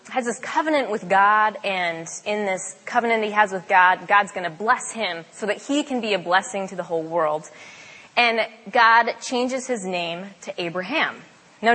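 A woman's voice: mid-range voice, fairly bright tone. A young woman on a campus ministry staff giving a casual, chatty sermon talk with frequent fillers. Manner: chatty, self-deprecating, with fillers. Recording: long hall reverb.

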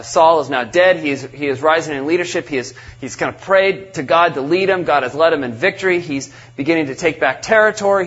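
A middle-aged man preaching a sermon, reading scripture and then retelling it in an animated way, with many restarts and "I mean". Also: on the high side, husky, highs cut off. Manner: animated, with frequent restarts and filler phrases. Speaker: pastor.

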